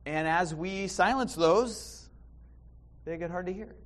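A man preaching a sermon in church, animated, with restarts and sudden bursts of loud emphasis. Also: high voice, slow pace. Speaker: pastor.

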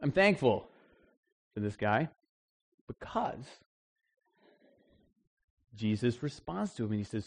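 A man's voice: medium pitch, big pitch swings, takes it slowly, pauses often. A man preaching a sermon at a church service in a conversational, emphatic way, reading scripture and then explaining it. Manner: conversational preaching, emphatic, acts out the people in the story. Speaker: pastor.

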